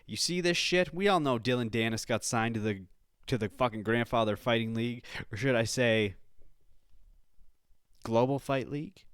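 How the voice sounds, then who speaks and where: Loud, swearing young man ranting. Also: mid-range voice, moderate pace, clean tone, no echo, studio quality. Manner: loud, agitated, swears constantly. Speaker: podcast host. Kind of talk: casual profane rant.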